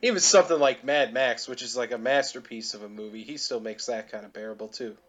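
A man joking through a movie chat, laughing often and tripping over his own restarts. His pitch sits in the middle of the range. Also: fast, dull audio.

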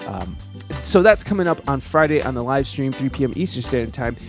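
A man hosting a podcast, casual and jokey, with loud laughs. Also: mid-range voice, a little fast, vocal fry, soft background music. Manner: animated, jokey, laughs loudly. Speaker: podcast host.

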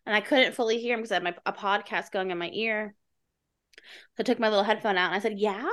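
A woman's voice: medium pitch, steady tone, fast, a bit bright. A woman co-hosting a podcast, chiming in with jokes and telling a self-deprecating anecdote. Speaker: podcast co-host. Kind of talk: casual chat.

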